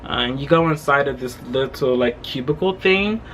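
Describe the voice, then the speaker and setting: A young man telling a travel story in a casual vlog from his home, animated and full of fillers. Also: medium pitch, moderate pace, a little hiss or hum. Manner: animated retelling with quoted voices, frequent fillers and laughs. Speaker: travel vlogger. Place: his home during quarantine.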